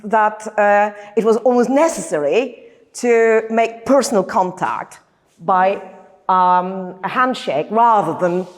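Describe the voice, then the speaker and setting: A woman's voice: medium pitch, slow. A Polish-accented woman, a lecturer leading a workshop, speaking hesitantly with many fillers and restarts in a large hall. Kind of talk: workshop instruction. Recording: long hall reverb.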